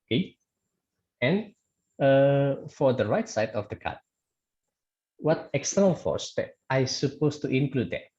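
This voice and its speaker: A man's voice: medium pitch, sing-song, unhurried, long pauses, mellow, muffled recording. A man teaching a statics lecture online, hesitant, with many fillers and restarts, often checking in with "okay".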